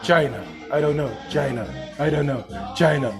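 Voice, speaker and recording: A man doing a mocking impression of a gruff older male politician, repeating one word in a drawn-out way. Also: on the high side, music in the background, voice pushed down, close to an everyday voice. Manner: drawn-out, repetitive single-word mockery.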